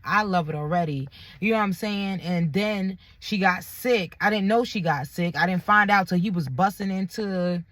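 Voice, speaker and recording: A woman's voice: medium pitch, moderate pace, hardly any pauses, a bit bright, dry recording. A young woman, candidly retelling a personal story in a vlog, with lots of quoted dialogue and blunt language.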